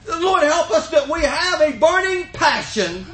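Man, older, preacher, folksy and fervent, lively high voice, echoey church room. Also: unhurried. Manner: folksy storytelling, rising to fervent emphasis. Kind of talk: sermon.

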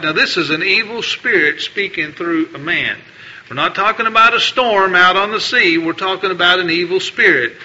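A man's voice: high-pitched, normal speed, sharp tone. A man preaching a sermon, repeating phrases emphatically and reading scripture aloud. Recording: dull lo-fi recording.

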